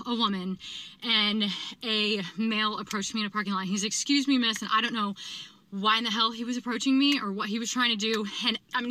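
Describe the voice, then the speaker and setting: A woman's voice: on the high side, sharp tone, low-quality recording. A woman posting a social media video, telling a story in an agitated, indignant, frantic monologue.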